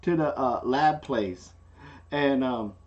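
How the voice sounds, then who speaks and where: A man's voice: mid-range voice, takes it slowly, muffled recording. A man telling a story in casual chat, acting out the people he quotes. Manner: animated, acts out the people he quotes. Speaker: co-host.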